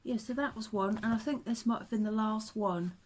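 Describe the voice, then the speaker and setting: Chatty woman, higher voice. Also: fairly quick, darkish tone, a little hiss or hum. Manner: chatty, reminiscing storyteller. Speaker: vlogger. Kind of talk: casual chat to camera.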